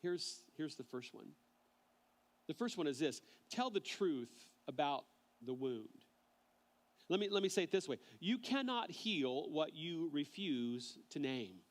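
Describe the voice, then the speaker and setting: A male pastor preaching a sermon in an earnest way, often repeating words as he starts a phrase and slowing down on key lines. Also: a little high, very animated.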